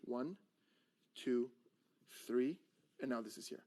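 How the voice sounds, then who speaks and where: A man's voice: mid-range voice, takes it slowly. Man explaining a card trick. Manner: animated, acts out exasperated patter with a drawn stick figure. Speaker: magician teaching a card trick. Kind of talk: casual teaching chat.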